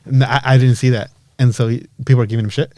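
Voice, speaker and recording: A man's voice: mid-range voice, fast talker, no echo. A young man from Los Angeles co-hosting a podcast, telling stories in casual, profane chat and acting out quotes. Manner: profane, animated storytelling with acted-out quotes. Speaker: podcast co-host.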